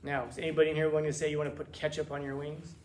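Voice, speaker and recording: A man teaching a classroom lecture, telling funny stories with quick asides and teasing his students. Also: fairly high pitch. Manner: joking, animated storytelling with quick asides.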